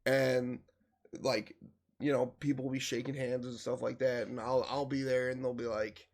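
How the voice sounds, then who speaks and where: Profane, animated podcast host man. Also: mid-range voice, moderate pace. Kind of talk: casual chat.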